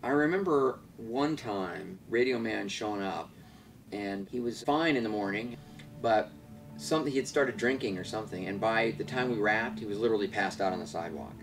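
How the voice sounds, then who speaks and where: Brief: low-voiced man, hesitant and sad, off-mic sound. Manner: hesitant, saddened, halting repeats. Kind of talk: reflective interview. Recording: distant mic with music.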